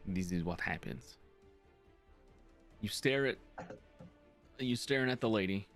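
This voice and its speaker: A man running a tabletop game as game master, talking casually in halting phrases with restarts and quick laughs. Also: on the low side, animated, a bit bright, faint music behind.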